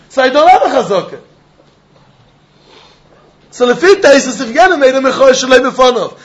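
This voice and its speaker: A man's voice: very high voice, expressive, moderate pace, a bit bright, highs cut off. A man teaching a Talmud class, repeating points with emphatic sing-song delivery and mixing in Yiddish and Hebrew terms.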